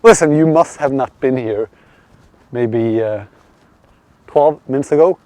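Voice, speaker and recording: A man's voice: mid-range voice, unhurried, pauses often, a little mellow, no room sound. A man from Sweden live-streaming while walking outdoors at night, rambling, swearing and answering chat. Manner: rambling, swearing, restarts and reads chat aloud. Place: outdoors on a city street at night. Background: faint street and traffic noise.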